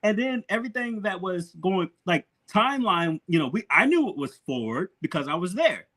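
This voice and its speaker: A man hosting a podcast, telling a story in a casual, animated way, laughing often and swearing freely. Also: sits high, moderate pace. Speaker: podcast host.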